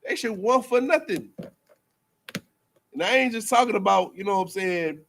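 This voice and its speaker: A man's voice: high voice, moderate pace, creaky, a bit bright. Loose, joking man preaching. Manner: loose, joking, laughs often, trails off into fillers; repeats himself, restarts mid-phrase. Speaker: teacher at a religious school. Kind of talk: preaching in casual banter.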